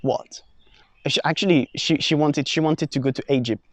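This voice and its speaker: A young man from France telling a personal travel story in a casual, animated vlog, full of fillers and restarts. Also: fairly high pitch, moderate pace, no echo. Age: young adult. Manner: animated, many fillers and restarts, acts out his own past lines. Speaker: vlogger.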